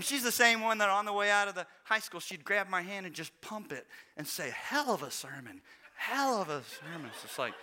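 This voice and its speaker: Middle-aged pastor, slightly high, very bright voice, folksy preacher who acts out the people in his stories. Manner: folksy storytelling with quoted voices and chuckles. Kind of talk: sermon.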